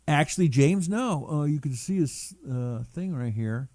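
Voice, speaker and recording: A man's voice: on the high side, lively intonation, measured pace, mellow, no room sound. A middle-aged man hosting a casual talk stream, reading viewer comments aloud and riffing on them in a chatty, rambling way. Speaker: talk show host.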